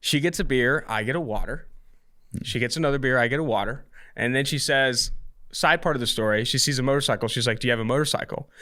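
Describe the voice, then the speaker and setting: A man, co-hosting a podcast and telling a long story in an animated, casual way. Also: medium pitch, fast. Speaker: podcast co-host.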